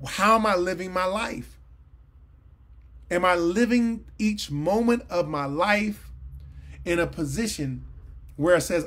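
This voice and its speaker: Over a livestream mic, a man in his late forties leads a Bible study lesson in a high, slightly bright voice. His teaching is earnest and conversational, punctuated by sudden bursts of emphasis.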